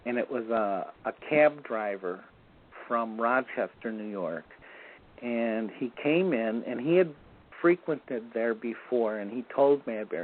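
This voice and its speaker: Male guest recounting a story over the phone; average pitch, relaxed pace with self-corrections, thin telephone audio. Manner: unhurried, with frequent restarts. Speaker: guest recalling a medicine man. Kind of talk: conversational storytelling. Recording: tinny phone line.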